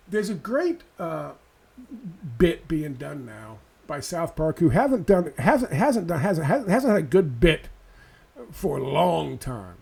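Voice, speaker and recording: A man's voice: a little high, sing-song, measured pace, creaky, darkish tone, slightly rough. A man ranting sarcastically and profanely in a political video commentary.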